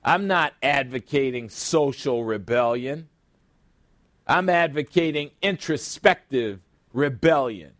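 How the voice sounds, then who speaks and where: A man's voice: medium pitch, expressive, slow pace, a bit bright, dry recording, studio quality. A middle-aged man pastor preaching a sermon, asking rhetorical questions and calling out for an amen.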